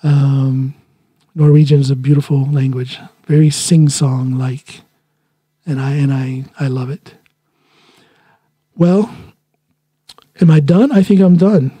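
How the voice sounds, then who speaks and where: A man's voice: mid-range voice, slow, pauses often, warm tone, breathy edge, dry recording. A man hosting his own solo podcast, talking in a casual, rambling way and laughing at himself now and then. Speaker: podcast host. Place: living in Norway.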